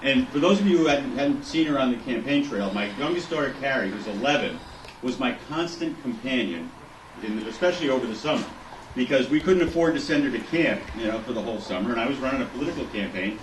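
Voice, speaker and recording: A man's voice: medium pitch, fast, noisy background. Middle-aged man telling jokes in an echoey hall. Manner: relaxed, joking storyteller. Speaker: political candidate speaking at a fundraiser. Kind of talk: speech with humorous anecdotes. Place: event hall at a fundraiser. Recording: echoey hall heard from a distance.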